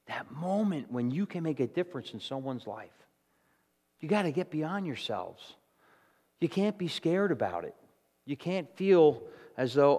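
A man's voice: medium pitch, sing-song, a little slow, pauses often, warm tone, big-room sound. A man preaching a sermon to his congregation, talking conversationally and often checking in with "okay?" and "all right?". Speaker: pastor. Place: church hall with congregation.

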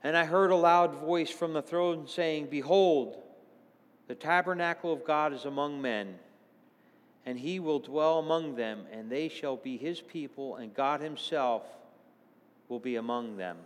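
Male preacher, fairly high voice, earnest sermon delivery, drops soft then lifts to excited calls, long church reverb. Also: measured pace. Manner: earnest, swings between hushed and exclaiming.

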